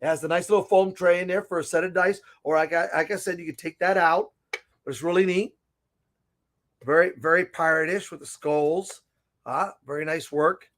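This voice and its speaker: A man hosting a casual gaming-store segment, chatty and excitable as he shows off products, with frequent asides, recorded inside a comic and game shop. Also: a little high, moderate pace. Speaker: host of a tabletop gaming segment.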